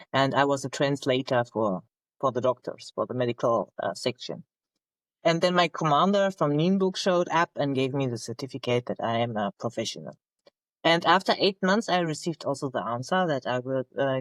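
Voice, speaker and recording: A woman, a naval officer telling her story in English as a guest, halting as she searches for words. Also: a bass voice, dry recording, poor audio. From Germany. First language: German. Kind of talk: conversational interview storytelling.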